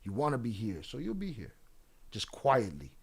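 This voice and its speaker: A man's voice: mid-range voice, wildly swooping pitch, moderate pace, gravelly, breathy edge. A man hosting a livestream, ranting at chat in a profane, confrontational, taunting way. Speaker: livestream host. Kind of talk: livestream rant addressing chat.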